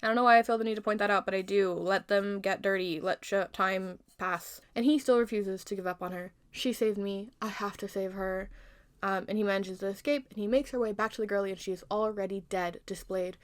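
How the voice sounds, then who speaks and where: A young woman casually retelling a fairy tale in her own version, animated and jokey, with plenty of asides. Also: mid-range voice, fast, hardly any pauses, smooth. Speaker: youtuber retelling a story.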